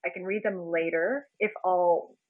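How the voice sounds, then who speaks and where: A woman's voice: lowish voice, steady tone, measured pace, no echo, phone-quality sound. A young woman from Canada chatting casually on a phone live stream, greeting viewers by name and giggling as she talks. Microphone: phone being propped up.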